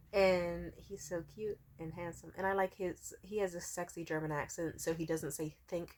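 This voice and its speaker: A woman's voice: on the low side, brisk, hardly any pauses, a little mellow. A woman vlogger in a casual storytime rant, rambling and swearing freely, with constant "like" fillers. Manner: profane, rambling, many "like" fillers.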